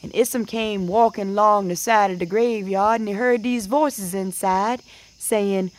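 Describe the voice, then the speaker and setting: A woman's voice: medium pitch, steady tone, unhurried. Woman storyteller, folksy dialect, oral folk tale delivery. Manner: sing-song character voices, folksy dialect.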